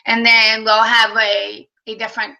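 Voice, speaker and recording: A woman co-hosting a casual talk, thoughtful and halting, with fillers. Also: on the high side, completely flat delivery, creaky, bright, forceful tone, poor audio. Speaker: co-host, stepmom coach. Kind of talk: casual chat.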